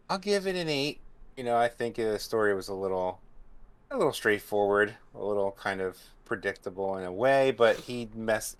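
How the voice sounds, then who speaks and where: Rambling, low-voiced male panelist. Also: a bit bright. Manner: rambling, heavy on fillers like "you know". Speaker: podcast panelist. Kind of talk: casual book discussion.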